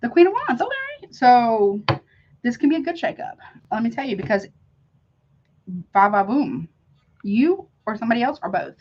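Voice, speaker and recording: A woman's voice: fairly high pitch, very animated, brisk, highs cut off, a little hiss or hum. A middle-aged woman hosting a casual live-stream tarot reading, effusive and chatty, calling her viewers honey and y'all.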